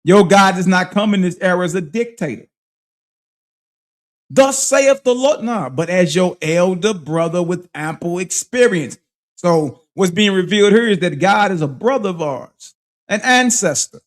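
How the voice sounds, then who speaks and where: A man's voice: high-pitched, normal speed. A man hosting a casual reading and commentary on a religious book, talking in emphatic street slang and checking in with listeners with a rhetorical "huh?". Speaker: host.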